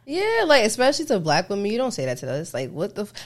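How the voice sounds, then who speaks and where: A young woman co-hosts a podcast, talking bluntly and profanely with lots of animation. Her pitch swoops up and down a lot as she rants. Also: big pitch swings, rapid-fire. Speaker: podcast co-host. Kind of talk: casual chat.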